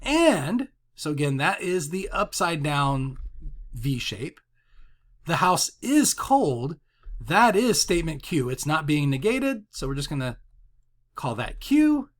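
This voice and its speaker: A man's voice: on the high side, big pitch swings, takes it slowly. A man teaching a college math lesson in a conversational way, using everyday examples and often checking in with "right?". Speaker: math instructor. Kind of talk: recorded lecture with writing tablet.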